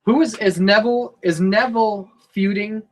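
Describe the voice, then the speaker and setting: A man co-hosting a casual wrestling podcast, loud and joking with a lot of profanity. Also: high voice, steady tone, moderate pace. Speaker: podcast co-host.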